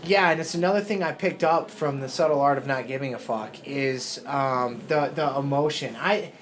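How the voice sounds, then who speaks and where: A man's voice: medium pitch, moderate pace. A fighter in his thirties, talking in a rambling, emotional, profane way in a casual podcast interview. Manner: rambling, emotional, swears a lot. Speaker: fighter guest.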